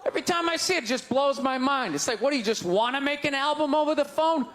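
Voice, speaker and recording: A man with a Boston accent doing a stand-up set on stage, ranting in loud, exasperated bursts that break into shouts. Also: extremely high pitch, expressive, quick pace. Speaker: stand-up comedian. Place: live comedy stage before an audience. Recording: live crowd laughter, faint background noise. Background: audience laughter.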